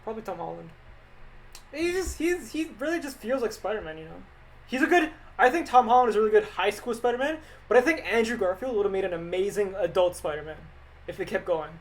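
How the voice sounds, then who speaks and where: A young man who animates streams live, his high, expressive voice moving at a quick pace. He answers viewer questions in an offhand, rambling, joking way, and the poor audio carries a little hiss or hum.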